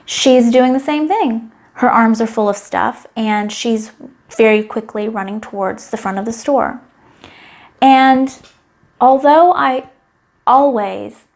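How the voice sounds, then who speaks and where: A middle-aged woman talking to camera in a candid, wry and emotionally open personal monologue. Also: fairly high pitch. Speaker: vlogger.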